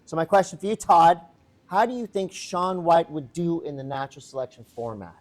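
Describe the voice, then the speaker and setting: Higher-voiced man hosting a podcast. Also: expressive. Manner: teasing, steers topics with quick questions. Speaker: podcast co-host. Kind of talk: casual podcast chat before a live audience.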